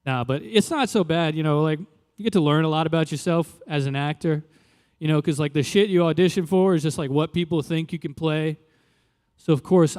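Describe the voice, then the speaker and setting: A young adult man from Louisiana doing a stand-up comedy set in a loose, conversational way, jumping into animated quoted voices. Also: fairly high pitch, clean tone, long reverb tail. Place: live comedy venue.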